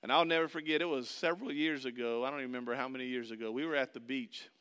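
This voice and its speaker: A middle-aged man preaching a sermon, telling a personal story and swinging between loud excitement and hushed, soft passages. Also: medium pitch, racing, clear, resonant tone. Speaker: pastor. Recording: long hall reverb.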